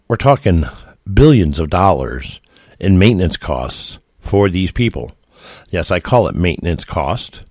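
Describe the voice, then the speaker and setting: Man, deep voice, folksy opinionated podcast commentator, emphatic, dry recording. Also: a little mellow, no room sound. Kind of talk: opinionated solo monologue.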